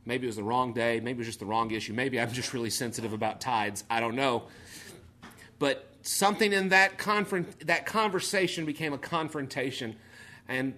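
Animated man preaching in echoey hall. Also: mid-range voice, a little hiss or hum. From Texas or Arkansas, USA. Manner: animated, conversational, rising and falling in volume. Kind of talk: sermon. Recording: echoey room.

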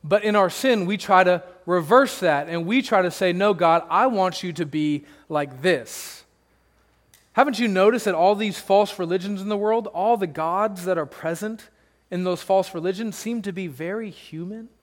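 A man's voice: high voice, moderate pace, big-room sound. A man pastor preaching a sermon, conversational and emphatic, with rhetorical questions to the congregation.

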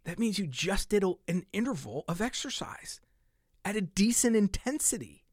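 Animated middle-aged man, dry close sound. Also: high voice, normal speed, husky, no room sound. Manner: animated, laughs often, drops to soft asides. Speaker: fitness podcast host. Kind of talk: casual solo podcast monologue.

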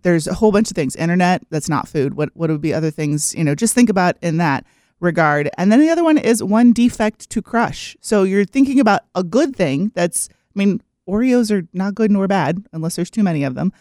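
A man's voice: sits high, darkish tone, no echo, studio quality. A man guest on a Catholic talk show, laying out practical points in casual chat. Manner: practical, listing points, laughing easily.

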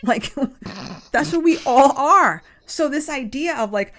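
A woman's voice: high-pitched, expressive, takes it slowly. A woman co-hosting a podcast in casual chat, speaking emphatically and acting out quotes. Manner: emphatic, acts out quotes in a hushed voice. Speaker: podcast co-host.

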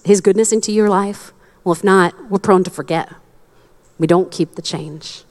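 A young adult woman preaching a sermon in a conversational, candid way, with quick asides. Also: lowish voice, darkish tone. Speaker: pastor.

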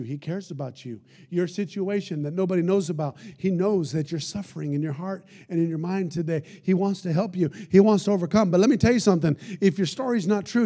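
A man, a pastor, preaching a sermon and leading an altar call, swinging between loud pleading and hushed soft phrases. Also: high voice, vocal fry.

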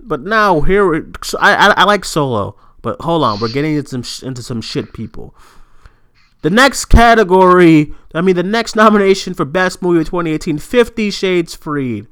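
An animated co-host on a movie news podcast, this man rants, curses, and laughs often in casual conversation. His fairly high voice is clear and resonant, and his delivery is brisk. He's recorded remotely.

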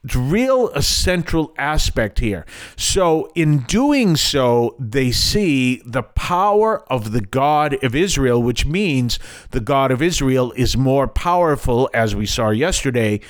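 A man's voice: medium pitch, expressive, slow pace. An older man hosting a Catholic program, reflecting earnestly on scripture in an explanatory way with frequent asides. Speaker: radio program host.

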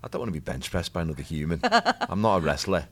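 Podcast co-host: man, 30s, very low voice, chatty and self-mocking. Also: huge pitch swings, fast talker, fairly bright tone. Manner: chatty, jokey, self-deprecating. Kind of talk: casual chat.

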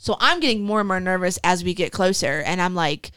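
A woman's voice: fairly low pitch, expressive, brisk, fairly bright tone, a little hiss or hum. A young adult woman, a guest in a casual interview, tells a story and acts out the voices of the people in it, with many "like" fillers.

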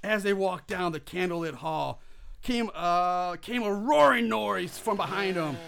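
High bright-voiced man reading a story. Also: a little slow, vocal fry, smooth. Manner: laughs through the narration, stumbles on words. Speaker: reader narrating a fan story. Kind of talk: comedic live reading of a story.

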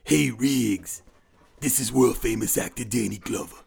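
Man doing a gruff actor impression, full-voiced, mock-deep, podcast joke. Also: measured pace, darkish tone, exaggerated voice. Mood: mock-serious. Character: man impersonating a famous film actor, gruff.

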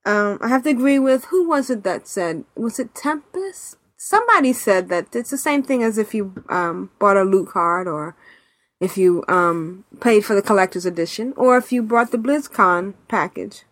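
A woman co-hosts a casual gaming podcast in a mid-range, expressive voice at a moderate pace. She chats, laughs often, and reads listener emails aloud. The recording is dry.

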